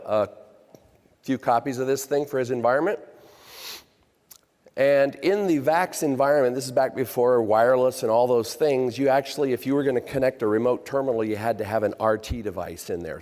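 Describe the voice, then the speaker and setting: A man's voice: medium pitch, a little mellow. Man telling stories on a conference stage. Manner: anecdotal, self-deprecating, acts out quoted voices. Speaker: chief revenue officer. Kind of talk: conference keynote storytelling. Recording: reverberant conference hall.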